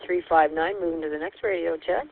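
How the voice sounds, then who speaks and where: A woman acting as net control on a ham radio net, working through check-ins by call sign in a steady, procedural way. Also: on the low side, fairly quick, no room sound. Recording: tinny radio transmission.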